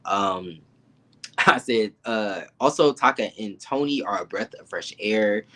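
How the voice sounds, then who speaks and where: A man co-hosting a casual reality TV review chat, campy and animated, laughing often and jumping to shrieking high asides. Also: measured pace. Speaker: podcast co-host reviewing reality TV.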